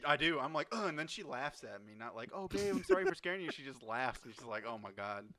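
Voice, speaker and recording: Male podcast host, casual and jokey, mid pitch, crowd noise in the background. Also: big pitch swings, fast. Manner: joking, laughs often, swears freely. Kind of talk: casual chat.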